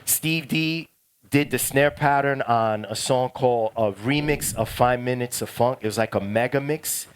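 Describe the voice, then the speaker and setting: A middle-aged man, a DJ casually telling a slangy story to a workshop class, turning loud and excited. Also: medium pitch, a little slow, clear, resonant tone. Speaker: DJ teaching a workshop.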